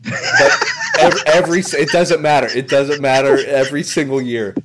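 A man hosting a casual podcast chat, easygoing and quick to laugh, with lots of fillers. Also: on the high side, wildly swooping pitch, background noise. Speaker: podcast host.

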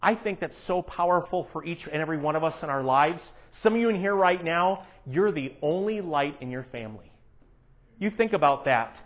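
A man with a high voice preaches to his congregation, animated, dropping to a hush and then rising to loud emphatic lines. The recording is dull and lo-fi. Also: fairly quick. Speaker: pastor. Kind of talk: sermon. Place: church.

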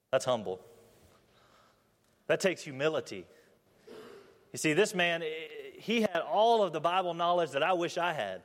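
A man's voice: fairly high pitch, animated, moderate pace, a bit bright. A man in his twenties preaching a sermon, earnest, reading scripture aloud and asking the congregation questions. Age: 20s. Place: church building. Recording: long hall reverb.

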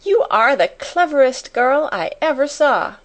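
A woman's voice: expressive, unhurried. Ermengarde, a woman doing a gushing schoolgirl. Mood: delighted. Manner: gushing, high exclamations. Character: excitable plump schoolgirl, shy.

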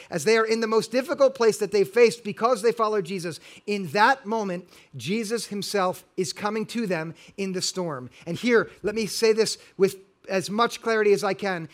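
Male pastor, higher-pitched voice, middle-aged, earnest sermon, emphatic exhortation.

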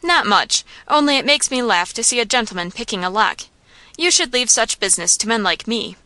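A woman voicing a rough, insolent male saloon keeper who talks in a coarse, sly, slangy way. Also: on the high side, animated, brisk, pushed and bright, no room sound.

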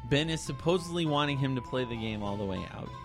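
A man casually retelling a creepy internet story to friends, rambling and animated, slipping into quoted voices. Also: medium pitch, quick pace, over music. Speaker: podcast co-host telling a creepypasta story.

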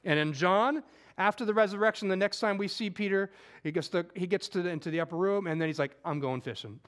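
A man preaching a conversational sermon, acting out scripture quotes and moving between loud emphasis and hushed, intimate moments. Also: sits high, quick pace. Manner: conversational, with casual slang.

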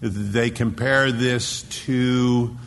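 A man preaching an expository sermon, dropping to a hushed whisper for emphasis and digressing into word study. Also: medium pitch, fairly even intonation, very slow, vocal fry, a little hiss or hum. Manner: dramatic drops to a hushed whisper. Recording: long echo in a large hall.

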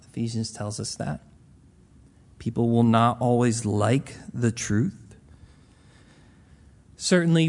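A man's voice: mid-range voice, a little mellow. A man preaching a Bible teaching in a casual, conversational way, retelling scripture stories in plain modern words.

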